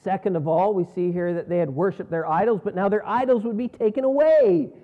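A man preaching a sermon in an earnest style, rising on key words and falling low at the ends of phrases. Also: a little fast. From North America. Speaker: pastor. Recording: dull lo-fi sound.

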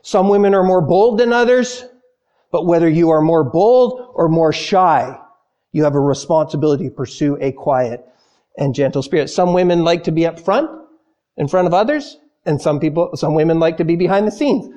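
A man preaching a sermon to women, telling stories with lively acted-out voices and slowing down softly on key phrases. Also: a little high, dull audio. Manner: animated storyteller, acts out panicked voices; slows and softens on key phrases.

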